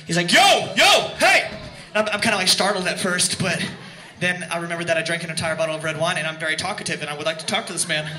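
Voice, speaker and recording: A man's voice: fairly high pitch, level tone, very fast, pushed and bright. A man fronting a band, telling a rambling, self-mocking story between songs at a concert, laughing as he goes. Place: concert venue. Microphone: stage vocal mic. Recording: echoey live venue, crowd noise.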